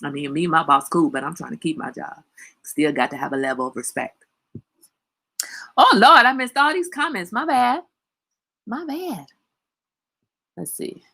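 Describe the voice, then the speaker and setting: A woman's voice: fairly low pitch, normal speed, long pauses, sharp tone, breathy edge. A woman hosting a casual livestream chat, talking bluntly and animatedly and laughing often. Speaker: livestream talk show host; mother.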